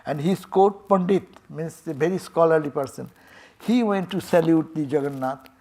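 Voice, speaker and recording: A man's voice: fairly high pitch, normal speed. An older man with an Indian English accent, a swami telling a devotional story in a sermon and acting out its dialogue with chuckles. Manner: animated, acts out dialogue, chuckles often. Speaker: swami giving a temple talk.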